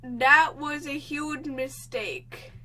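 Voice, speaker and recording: Young woman, high voice, bright tone, unhurried delivery, gaming commentary, gasps and panicky outbursts. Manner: excitable, gasping, panicky exclamations. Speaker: gaming channel host. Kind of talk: let's play commentary.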